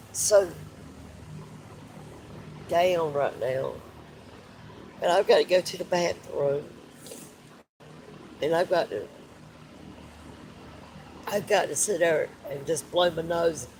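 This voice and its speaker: A man's voice: fairly high pitch, creaky, darkish tone, a little hiss or hum, rough recording. A man, crying as he talks heartfelt and repetitive to viewers on a live stream. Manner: tearful, heartfelt, repeats himself. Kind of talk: emotional live stream talk.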